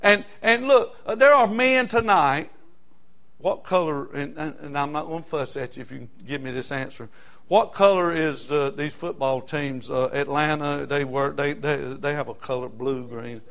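High-voiced preacher man. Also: normal speed, creaky. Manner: fervent, folksy preaching that swings from quiet asides to loud hollering. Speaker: pastor. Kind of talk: sermon.

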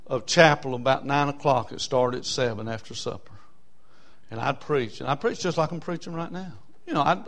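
A man, a preacher telling a folksy story in a sermon that builds from quiet asides to shouting. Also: on the high side.

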